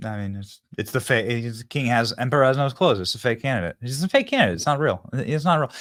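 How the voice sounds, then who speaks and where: A man hosts a political talk show in a loose, rambling way, full of fillers and mockery. His voice is bright and sharp. The sound is dry and close. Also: mid-range voice, expressive, quick pace, few pauses, no room sound. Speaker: host. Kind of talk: casual political interview.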